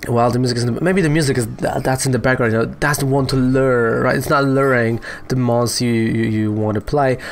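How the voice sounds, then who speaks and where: Casual game streamer, man, medium pitch, chatty and self-joking. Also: steady tone, fairly quick, few pauses, slight background noise. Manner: chatty, peppers talk with "right?" and "you know"; joking, self-mocking asides. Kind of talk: casual gameplay commentary.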